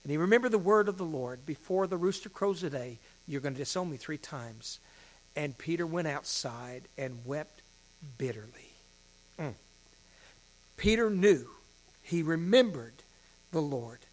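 A male pastor preaching a sermon, shifting between hushed emphasis and louder passages. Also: on the high side.

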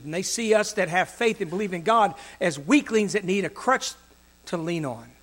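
A man preaching a sermon, acting out the voices in the stories he tells and swinging from loud to soft. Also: high-pitched. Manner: dramatic, acts out quoted voices with big swings in loudness.

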